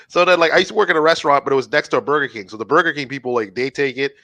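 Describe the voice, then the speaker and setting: A man's voice: fairly high pitch, very fast, sharp tone, dry recording. A man co-hosting a casual live-stream chat, telling a wild story with lots of swearing and laughter. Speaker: podcast co-host.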